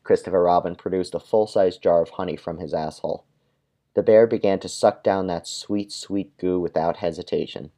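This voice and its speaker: Deep-voiced man narrating a dark comic tale. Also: moderate pace. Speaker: podcast co-host and storyteller. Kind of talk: comic story reading and casual chat.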